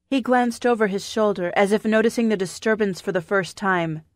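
A woman narrating a historical novel audiobook in a measured, even storytelling manner. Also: medium pitch, no echo, studio quality. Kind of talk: scripted narration. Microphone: studio microphone.

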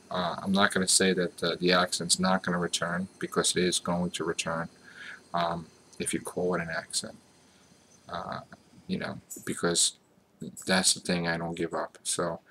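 A man's voice: sits low, a bit bright, slight background noise. An American man talking to his viewers in a rambling, self-mocking, earnest vlog monologue. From United States. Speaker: vlogger.

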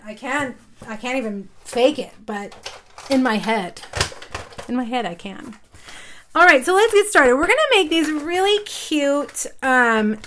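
A woman's voice: high-pitched, fairly bright tone. A woman, chatting her way through a live papercraft tutorial with rambling asides. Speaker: papercraft demonstrator. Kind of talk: live craft tutorial chat.

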